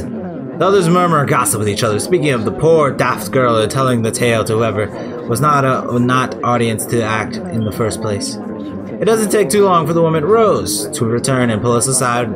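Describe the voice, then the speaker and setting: Male let's-player; chatty, irreverent, swears, animated mid-pitch voice. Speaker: gamer. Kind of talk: casual let's-play commentary.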